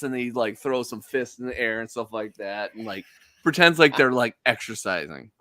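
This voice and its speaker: A man's voice: medium pitch, normal speed, no room sound, clean studio sound. A man playing a tabletop game, talking casually and animatedly, often laughing. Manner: animated, laughing, acts out his character. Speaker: player.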